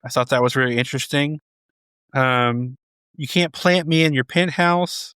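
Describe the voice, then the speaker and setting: A man of middle pitch talking as co-host of a music podcast, pausing often with ums and a hesitant, easygoing delivery. The recording is dry, without room sound. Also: sharp tone, smooth, dry recording. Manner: hesitant, many ums, quotes lyrics. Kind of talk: casual podcast chat.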